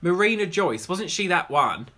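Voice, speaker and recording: A man's voice: sits high, very animated, normal speed, bright, forceful tone. A man, a drag queen, hosting a casual livestream Q&A, rambling and greeting viewers by name.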